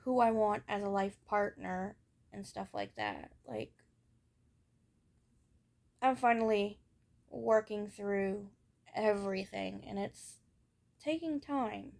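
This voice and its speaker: A young woman with hiccups shares candid childhood memories in her vlog, rambling slightly and using frequent fillers. Her mid-range voice is gravelly and darkish yet animated, moving at a slow pace with long pauses.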